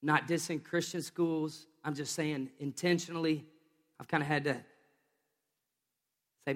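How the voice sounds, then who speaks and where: A man preaching a lively sermon from a church stage, joking with volunteers between points. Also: on the high side, measured pace, long pauses, in a large hall. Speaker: pastor.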